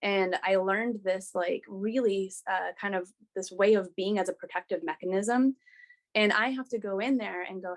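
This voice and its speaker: A woman's voice: mid-range voice, moderate pace. Candid, self-reflective woman telling a story. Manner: animated, self-reflective storytelling with frequent restarts. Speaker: podcast guest. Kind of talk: candid personal conversation.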